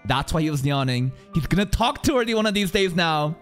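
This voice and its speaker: A man giving live anime reaction commentary, excitable, swearing freely and bursting into shouts. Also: fairly high pitch, a little fast, soft background music.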